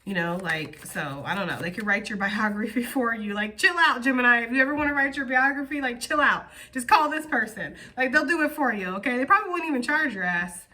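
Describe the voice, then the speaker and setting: A woman giving a casual, profane and animated tarot reading to her viewers. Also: on the high side, a little fast, few pauses. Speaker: tarot reader.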